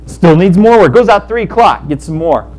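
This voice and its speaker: A man preaching a sermon, telling a parable in animated storytelling style and acting out the characters in quick asides. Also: high-pitched. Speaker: pastor.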